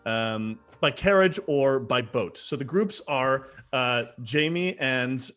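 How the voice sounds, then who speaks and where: A man running a tabletop role-playing game, describing scenes in a relaxed, rambling way. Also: medium pitch, slow, faint music behind. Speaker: game master.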